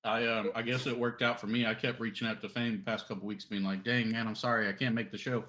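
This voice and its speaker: A man's voice: fairly low pitch, level tone, fast, bright, forceful tone. A man co-hosting a gaming podcast, chatting casually with teasing jokes. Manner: joking, teasing banter. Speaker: podcast co-host.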